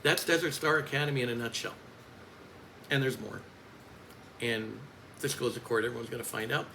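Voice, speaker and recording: A man's voice: mid-range voice, a little fast, creaky, bright, forceful tone, slight background noise, poor audio. A man who works as a coach, speaking in a bitter, blunt and profane vlog rant.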